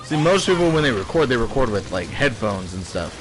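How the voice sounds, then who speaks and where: A man's voice: mid-range voice, sing-song, brisk. A young man giving casual, joking let's-play commentary, swearing freely and rambling as he plays. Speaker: gaming streamer. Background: loud game audio with music.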